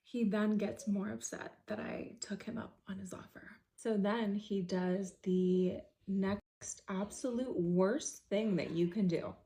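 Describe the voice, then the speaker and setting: A young woman telling a storytime vlog, dramatic and fast, dropping into hushed asides. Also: mid-range voice. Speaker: vlogger. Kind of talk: storytime narration.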